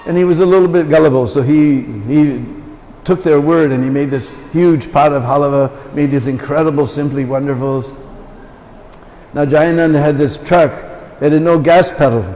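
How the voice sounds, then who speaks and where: Man telling stories at a temple talk, kinda high voice, echoing big hall, lots of little asides. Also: normal speed, warm tone. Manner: anecdotal, chatty asides. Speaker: visiting lecturer. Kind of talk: storytelling temple lecture. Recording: long temple hall reverb.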